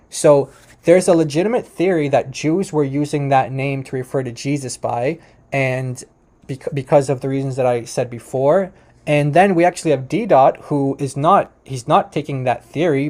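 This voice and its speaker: A man's voice: medium pitch, darkish tone. A man giving casual commentary on debate clips, rambling with many restarts and fillers, and chuckling now and then. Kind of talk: casual commentary over a screen share.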